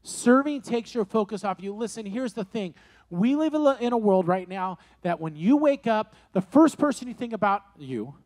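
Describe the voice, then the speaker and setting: High-voiced man in his forties preaching. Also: moderate pace. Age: 40s. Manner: animated storytelling, repeats key phrases. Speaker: youth pastor. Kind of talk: sermon to young people. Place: room with a live audience.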